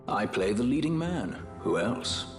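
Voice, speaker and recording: An actor playing a suave, wry sky pirate leading man, speaking in smooth, theatrical lines from a game cutscene. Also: mid-range voice, big pitch swings, unhurried. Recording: game audio over music.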